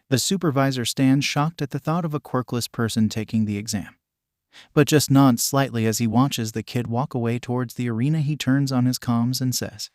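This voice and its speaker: A man reads a fan fiction story aloud at an even, unhurried pace. His voice sits in a middle pitch, and the recording is dry and close, with no room sound. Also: no echo. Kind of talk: steady story narration.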